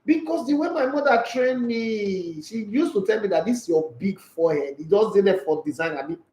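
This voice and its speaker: Animated Nigerian man, echoey room. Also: high voice, a little fast. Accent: Nigerian English. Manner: animated, switches into pidgin, rhetorical questions. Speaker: sports show host reading viewer comments. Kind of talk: casual live commentary chat.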